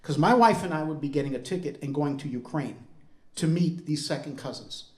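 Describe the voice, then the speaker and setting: A man with a fairly high voice tells a story to an audience. He keeps it conversational and asks the listeners questions as he goes. His voice rings in an echoey room. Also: fairly quick. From United States. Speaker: speaker on family history.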